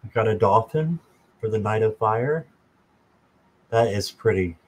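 A man hosting a live stream, chatting slowly and casually with viewers by name and joking as he goes. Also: lowish voice, animated, poor audio. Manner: slow, chatty, talks to viewers by name, jokes. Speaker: tarot reader and channel host.

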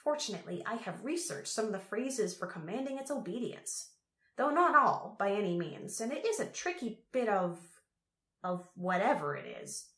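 A man's voice: high voice, big pitch swings, moderate pace, fairly bright tone, full character voice. Lady doing an eager old scholar guy in an audiobook, rambly, lectures a lot, sounds a bit echoey. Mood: rambling. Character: cheerful absent-minded old male scholar. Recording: roomy echo.

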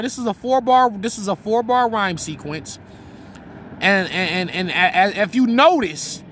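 A man's voice: sits high, fairly bright tone. A man giving a casual, talkative lesson on writing rap rhymes, now and then reciting his own bars. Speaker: battle rap teacher.

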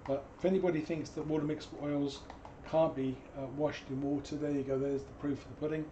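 A hoarse man, teaching painting on a live stream in a chatty, digressive way with jokey asides. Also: fairly high pitch, level tone, fast talker, warm tone, highs cut off, a little hiss or hum. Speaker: painting instructor.

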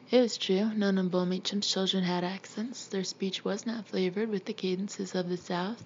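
A woman reading a novel aloud in a steady, measured way, now and then clearing her throat. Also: mid-range voice, highs cut off, a little hiss or hum. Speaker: audiobook reader.

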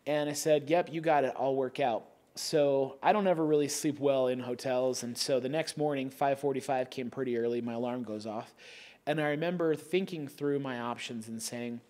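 A man's voice: medium pitch, normal speed, a little mellow. A man co-hosting a podcast, telling a story in a wry, self-mocking way. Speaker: podcast co-host. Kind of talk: casual storytelling chat.

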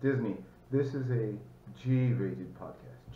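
A man's voice: mid-range voice, lively intonation, brisk, distant mic. A man co-hosting a podcast, throwing in teasing jokes in casual chat. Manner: teasing, joking interjections. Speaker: podcast co-host. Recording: echoey room, dull sound, faint noise.

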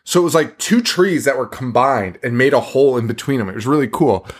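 A man's voice: mid-range voice, lively intonation, a little fast, breathy edge. A man co-hosting a horror movie podcast, swearing a lot and laughing while he acts out scenes. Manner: profane, laughing, acts out quotes. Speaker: podcast co-host. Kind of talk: casual movie chat.

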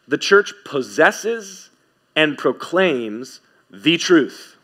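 A man preaching a sermon as pastor, emphatic, repeating key phrases and swinging from quick asides to slow, stressed words. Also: on the high side, very animated, fairly bright tone.

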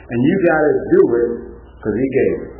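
A man giving a motivational speech to an audience, preacherly, swinging from loud to hushed. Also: mid-range voice, animated, normal speed, slight background noise. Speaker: motivational speaker. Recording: echoey hall over a tinny line.

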